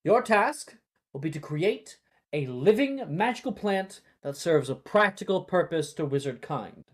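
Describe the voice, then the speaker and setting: A game master voicing a cheerful, slightly clumsy male herbology professor in a fan tabletop game, talking with loud, high enthusiasm. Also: expressive, a little slow. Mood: enthusiastic. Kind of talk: tabletop role-play voice.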